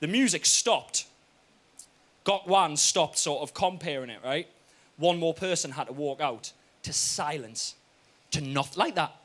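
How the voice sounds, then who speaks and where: A young man with a Geordie accent performing stand-up comedy, telling a story with lively "right?" asides. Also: fairly high pitch, a little slow, pauses often. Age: young adult.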